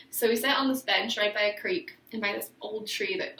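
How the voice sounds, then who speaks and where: Sitting some distance from the mic in an echoey room, a young woman vlogger recounts a personal story emotionally and rambling, with many fillers and restarts. Her medium-pitched voice is animated and fairly bright, and she speaks fairly quickly with few pauses.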